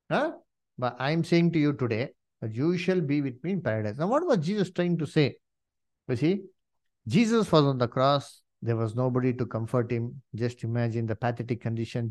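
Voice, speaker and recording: Preacher guy, kinda high voice, keeps saying "you see", pushy questions. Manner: emphatic, rhetorical questions, frequent "you see". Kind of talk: sermon.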